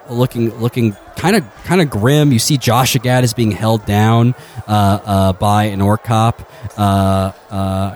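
A man's voice: medium pitch, a little hiss or hum. Man game master, rambling, filler-heavy, crude narration of a tabletop game.

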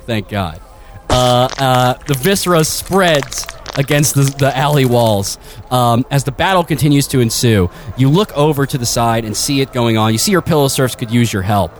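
A man's voice: medium pitch, animated, moderate pace, soft background music. A man running a tabletop game as game master, rambling with many fillers and crude asides.

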